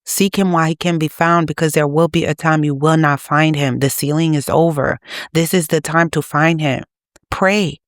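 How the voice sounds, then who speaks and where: A woman's voice: deep voice, fairly even intonation, moderate pace, no room sound. Urgent woman preaching, dry close sound. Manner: urgent, exhorting. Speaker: channel host. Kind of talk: preaching to camera.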